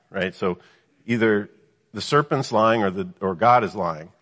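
Low husky preacher in a reverberant hall. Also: male voice, unhurried, a bit bright. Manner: reads scripture then explains it, with frequent rhetorical "right?" questions. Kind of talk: Bible teaching sermon.

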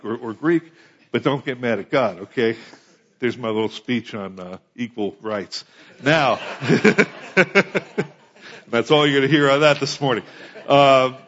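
A medium-pitched man from the United States, heard in lo-fi sound, preaches a sermon as a pastor. His style is conversational, and he frequently asks the congregation questions.

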